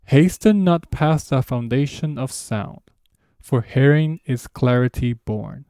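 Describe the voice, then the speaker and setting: A solemn reader of archaic scripture, as a man puts him on, with a slow, lofty cadence. The voice is gravelly and mellow. The recording is dry and close, with no room around it. The speaker's first language is Spanish. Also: medium pitch, expressive, no room sound.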